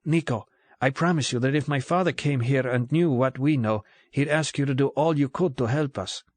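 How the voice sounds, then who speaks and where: A man's voice: medium pitch, normal speed, a little mellow, no room sound, pitched above the performer's own voice, natural voice. A male audiobook reader voicing a sincere young woman, raising his voice a little for her. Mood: pleading. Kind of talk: audiobook character voice.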